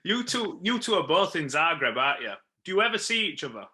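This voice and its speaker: Bright-voiced male interviewer. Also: fairly high pitch, very animated, fast talker. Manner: brief, prompting questions. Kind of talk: interview questions.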